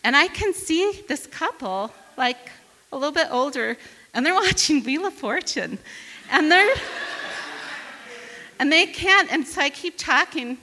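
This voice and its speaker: A woman's voice: high voice, unhurried, pauses often, big-room sound. A woman from northern Wisconsin telling a funny personal story to an audience, acting out the voices of the people in it. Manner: lively, acts out quoted voices.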